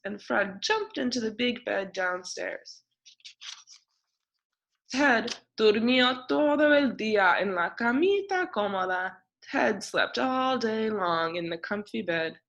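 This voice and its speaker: A woman teacher reading a picture book aloud, narrating in a slow, expressive storytelling way. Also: mid-range voice.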